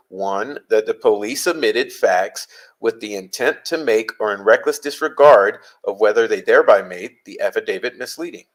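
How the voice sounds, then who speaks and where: Male legal commentator, fairly low voice, reads case law slowly and leans on the key phrases. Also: low-quality recording. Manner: deliberate, stresses key phrases. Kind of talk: reading and explaining legal texts.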